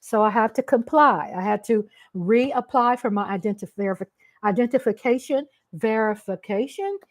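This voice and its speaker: A woman from Texas with a twang hosts a casual livestream from home. She talks straight to her viewers in an emotional, ranting way, and her voice sits a little high. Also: normal speed. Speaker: livestream host. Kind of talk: casual live-stream chat.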